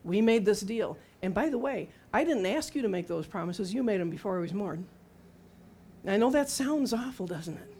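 A woman's voice: mid-range voice, animated, moderate pace, warm tone, husky. A middle-aged woman preaching a sermon in a conversational, humorous storytelling way, acting out quotes as she goes.

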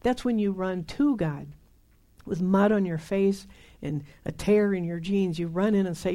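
Mellow-voiced older woman preaching. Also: medium pitch, a little slow. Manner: conversational, emphatic, repeats herself for stress. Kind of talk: sermon.

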